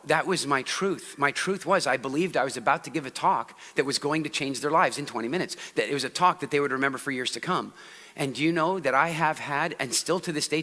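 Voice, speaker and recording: A man giving a motivational talk on a conference stage, lively and asking the audience questions. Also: a little high. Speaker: conference speaker. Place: large hall on stage. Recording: long hall reverb.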